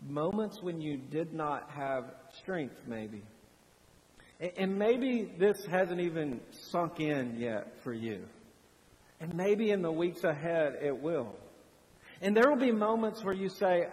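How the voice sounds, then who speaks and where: A man delivering a sermon in a slightly high voice, speaking very slowly and deliberately. He drops to hushed tones and then rises to loud, fervent appeals. The voice carries a long reverb tail, as in a large church. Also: expressive. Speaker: pastor.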